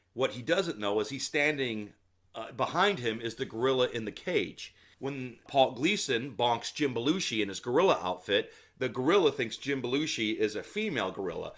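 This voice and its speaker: Hosting a solo comedy podcast, a man with a mid-range, slightly bright voice rambles casually through a film recap. He uses filler words and side comments, and speaks bluntly straight to the listener.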